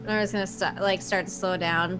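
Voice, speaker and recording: A woman's voice: medium pitch, fairly even intonation, a little fast, music in the background. A woman playing in a tabletop game, chatting in a teasing, giggly way. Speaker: player. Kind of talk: casual tabletop game chat.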